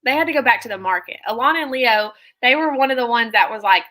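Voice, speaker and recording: A woman's voice: fairly high pitch, fast talker, hardly any pauses, bright, forceful tone. A young woman co-hosting a reality TV recap, chatting casually and gushing with lots of "like" fillers.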